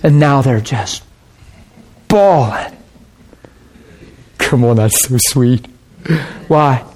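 A man preaching a sermon through an animated story, at times dropping into hushed tones. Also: medium pitch, slow.

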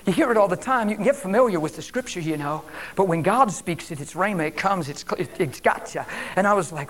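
A man preaching a sermon as a guest preacher at a church service, swinging from emphatic declarations to hushed whispers. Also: sits high, animated, brisk.

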